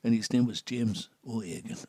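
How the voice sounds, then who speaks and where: Husky old North East English man. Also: medium pitch, normal speed, a little mellow, no echo. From Sunderland, England. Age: 70s. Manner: chatty, laughs often, drops to a near whisper on serious points. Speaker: missionary priest, guest. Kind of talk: casual storytelling chat.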